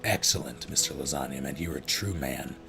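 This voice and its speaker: A man's voice: rumbling low, fairly quick, gravelly, music in the background, exaggerated voice. A man voicing a courteous, fawning male party host who speaks in formal, broken phrases.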